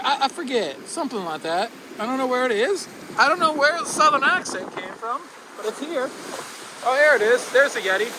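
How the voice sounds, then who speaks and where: A man from the northeastern United States vlogging outdoors at a theme park, excitable and whooping through a water ride. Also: very high-pitched, fairly quick. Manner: excitable, squeals and whoops on rides. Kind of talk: casual ride commentary. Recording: noisy outdoor park recording.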